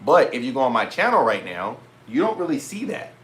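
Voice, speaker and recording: A man's voice: medium pitch, brisk. A young man telling a story to camera for his vlog in casual slang with swearing, and he acts out both sides of conversations. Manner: animated, slangy, swears, retells dialogue in quoted voices. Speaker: vlogger.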